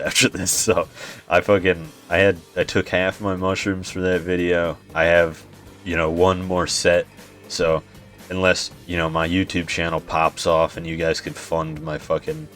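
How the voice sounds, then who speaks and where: A man's voice: deep voice, fairly bright tone. A young man giving laid-back gameplay commentary, swearing often, chuckling and sounding tired. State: yawning, tired. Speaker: gaming YouTuber.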